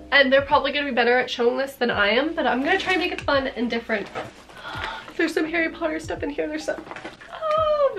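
A young woman with a cold talking excitedly in a casual haul vlog, gushing over her purchases. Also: high voice. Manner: bubbly and gushing, lots of "like" and "are you kidding me". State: congested with a cold. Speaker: vlogger.

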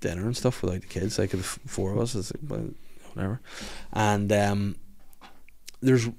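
A man's voice: on the low side, normal speed, creaky, a little mellow. A man in his thirties, hosting a podcast in casual chat, sweary, jokey and rambling with lots of restarts. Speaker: podcast host.

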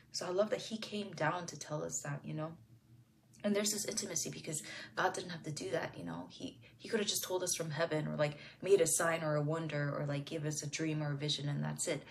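Low-voiced woman musing over scripture. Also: slight background noise. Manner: soft-spoken, musing, with frequent fillers; sometimes drops to a whisper. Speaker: devotional video host. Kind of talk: personal Bible reflection.

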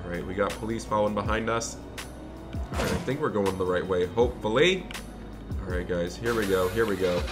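A man's voice: on the low side, brisk, over music. A man hosting a game role-play video, chatting upbeat and directly to his viewers. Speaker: gaming channel host.

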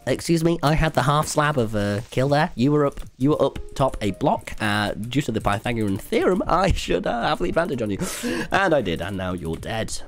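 Chaotic cheeky young streamer. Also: male voice, medium pitch. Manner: chaotic, cheeky, swears often, laughs a lot. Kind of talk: casual gaming livestream commentary.

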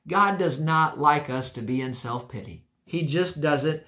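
A male pastor delivers a sermon in a church with a fairly high voice. He talks in an emphatic, folksy way, driving points home by repeating phrases and often restarting sentences. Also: a little slow, sharp tone.

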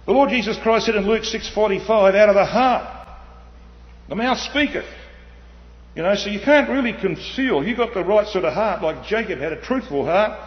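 A man preaching an animated sermon, swinging between loud emphasis and quiet asides. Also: sits high. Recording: dull, muffled hall with long reverb.

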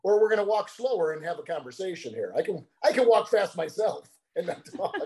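Brief: male co-host, relaxed storyteller who tends to ramble. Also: high voice, fairly quick, a little hiss or hum. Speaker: podcast co-host. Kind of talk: casual chat.

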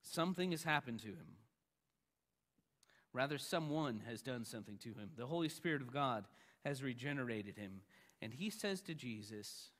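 A man pastor preaching a sermon, emphatic, rising loud on the lines he quotes. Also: mid-range voice, animated, normal speed, long reverb tail.

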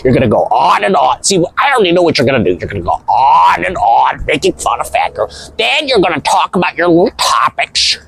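Smug troll guy voiced by a man, low, gravelly and husky, taunting delivery. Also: big pitch swings, a little fast, hardly any pauses, a bit bright, heavily acted, poor audio. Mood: sneering. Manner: sneering, taunting.

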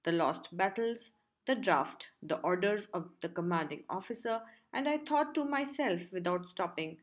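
A woman narrating a textbook story as an audiobook, in a steady, clear reading. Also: on the low side, moderate pace.

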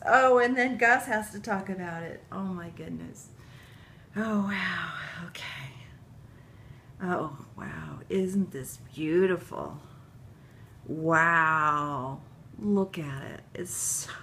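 A woman unboxing a gift package on her vlog, tearful and gushing, laughing through her tears and dropping into soft whispers. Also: lowish voice, slow, creaky, a little hiss or hum. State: tearful, crying while talking. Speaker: vlogger opening a gift package.

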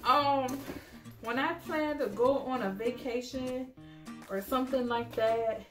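A young woman chatting excitedly to her viewers in a casual home vlog, often calling them y'all. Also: high-pitched, takes it slowly. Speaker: vlogger. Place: at home, in pajamas. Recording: echoey room with loud music behind.

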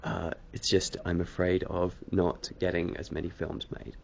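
Low gravelly man, rambling vlog. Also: steady tone, measured pace, muffled recording, a little hiss or hum. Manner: hesitant, self-deprecating, lots of fillers; smoking a cigarette while talking. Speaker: video blogger. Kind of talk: casual rambling vlog to camera.

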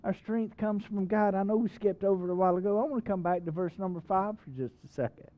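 Folksy pastor guy preaching, kinda high voice, dull lo-fi church recording. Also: fast, hardly any pauses. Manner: folksy, emphatic preaching with audience questions. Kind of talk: sermon. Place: church sanctuary.

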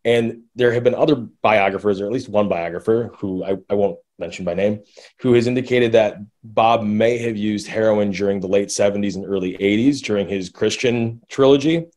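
A man's voice: on the low side, normal speed, darkish tone. A man hosting a podcast interview, asking long rambling questions with many restarts.

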